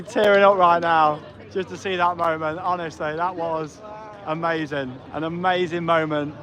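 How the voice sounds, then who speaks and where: A man hosting a live theme park stream outdoors, excited and emotional. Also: on the high side, normal speed. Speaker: theme park livestream host.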